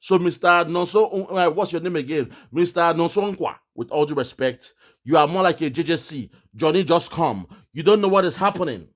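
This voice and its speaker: A man's voice: on the high side, moderate pace. A man giving impassioned live commentary, emphatic and mocking, often laughing at the person he criticises. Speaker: online political commentator.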